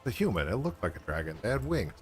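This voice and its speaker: Laid-back low-voiced man streaming. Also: sing-song, fast, soft background music. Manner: laid-back, chatty, laughs often. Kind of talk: casual livestream chat.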